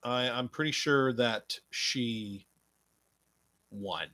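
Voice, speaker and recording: A man's voice: mid-range voice, drawn-out words, bright, forceful tone, dry recording. A man hosting a podcast, ranting sarcastically with profanity and many stumbling restarts. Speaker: podcast host. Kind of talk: rambling profane wrestling commentary.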